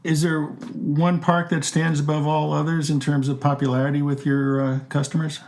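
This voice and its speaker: A man's voice: on the high side, monotone, normal speed, a little mellow, a little hiss or hum. Older male journalist hosting. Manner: conversational questioning. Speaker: podcast host, journalist. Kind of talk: podcast interview.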